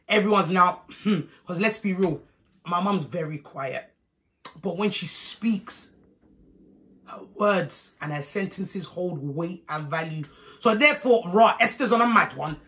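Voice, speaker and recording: A young woman tells a story for her vlog, her voice bright and ringing. She is animated and swears freely, slipping into the voices of everyone in the tale. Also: on the low side, unhurried. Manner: animated, profane, acts out every character. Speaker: vlogger.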